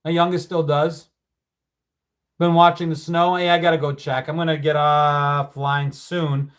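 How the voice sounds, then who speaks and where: A man's voice: on the high side, little pitch movement, a little slow, fairly bright tone. A middle-aged man hosting a casual livestream, telling childhood stories and reading out viewer comments in a loose, swearing, storytelling way. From United States. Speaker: livestream host.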